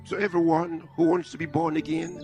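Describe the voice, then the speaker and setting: A man preaching a sermon, moving from quiet storytelling to shouted exhortation. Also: a little high, flat delivery, brisk, in a large hall, over music.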